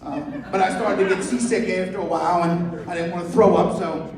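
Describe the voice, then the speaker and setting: High-voiced man doing crude stand-up. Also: fairly quick. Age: 50s. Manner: crude storytelling, acts out dialogue. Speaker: stand-up comedian. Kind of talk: stand-up comedy set. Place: club stage with live audience. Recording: echoey hall from far off. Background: audience laughter.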